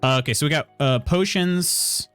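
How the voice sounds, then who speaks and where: A man's voice: a little high, normal speed, a bit bright, clean tone, soft background music. Rambling male game streamer, casual. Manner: thinks aloud, rambling with many fillers and self-questions. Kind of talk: casual live-stream chat while playing.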